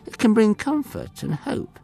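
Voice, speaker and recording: A man narrating a children's Bible story in an expressive way, sometimes speaking to the listener directly. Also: high-pitched, unhurried, gravelly. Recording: dry close mic with faint music.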